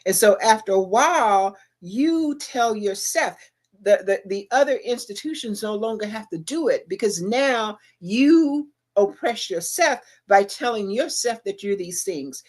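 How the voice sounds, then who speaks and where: A middle-aged woman co-hosts a casual livestream show, speaking emphatically and a little preachily while repeatedly asking the listener rhetorical questions. Her mid-range voice is expressive and darkish, and her pace is a little slow.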